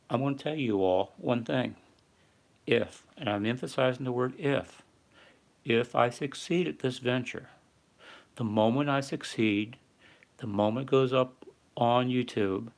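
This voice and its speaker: An older man hosting a casual livestream, rambling and reading viewer chat aloud with lots of fillers. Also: medium pitch. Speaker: livestream host. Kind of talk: casual live-stream talk.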